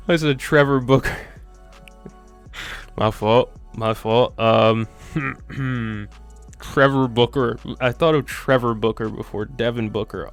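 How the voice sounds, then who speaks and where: A man's voice: mid-range voice, clear, resonant tone. A young man hosting a quiz video, chatting casually and thinking aloud with lots of ums and self-mocking asides. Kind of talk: casual commentary while playing a quiz.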